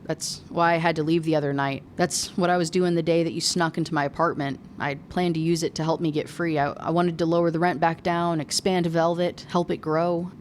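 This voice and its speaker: A woman voicing a lovesick dangerous young man, slightly lowered. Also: a little mellow, slight background noise, natural voice. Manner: pleading, earnest.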